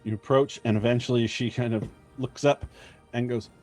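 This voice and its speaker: A man narrating as game master for a tabletop game, halting often with ums and uhs. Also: medium pitch, steady tone, darkish tone. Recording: faint music behind.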